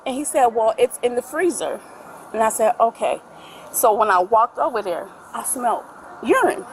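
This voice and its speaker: A middle-aged woman with a somewhat high voice gives police her account of a fight at home. She rambles through the story and acts out everyone's lines. It is caught on a body camera with a light hiss behind her. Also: lively intonation, moderate pace, rough recording. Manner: talkative, retells quoted dialogue at length. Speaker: mother making a police report. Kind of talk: recounting an incident to police.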